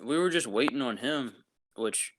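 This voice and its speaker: A man's voice: medium pitch, lively intonation, normal speed, a bit bright, a little hiss or hum. A young man co-hosting a casual podcast, chatting loosely in laid-back, rambling banter. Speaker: podcast co-host. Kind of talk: casual chat.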